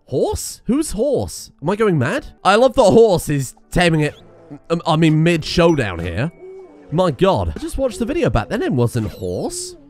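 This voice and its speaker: A man's voice: a little high, measured pace, soft background music. A man casually commentating his own gameplay, breaking into exclaims and laughter. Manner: excitable, laughs and exclaims in bursts. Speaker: gaming video host.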